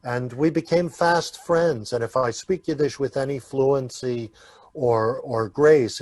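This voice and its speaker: Unhurried American man telling stories. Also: medium pitch, no room sound. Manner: unhurried, full of "uh" pauses. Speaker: guest, Yiddish actor. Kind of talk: relaxed storytelling in an interview.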